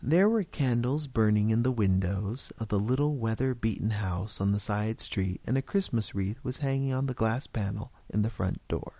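A man's voice: fairly low pitch, moderate pace, hardly any pauses, mellow, no room sound. A man reading a story aloud, narrating with occasional slips and restarts.

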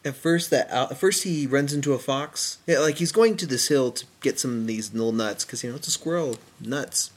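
A man's voice: medium pitch, fairly quick, hardly any pauses. A man reviewing short films in casual chat, rambling through plot retellings with plenty of fillers. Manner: chatty, rambling retellings with acted-out quotes. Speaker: film reviewer.

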